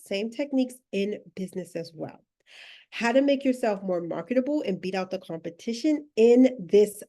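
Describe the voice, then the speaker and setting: A woman career coach giving a live online masterclass, animated and emphatic, laughing often as she coaxes her audience along. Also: medium pitch. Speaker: career and personal branding coach.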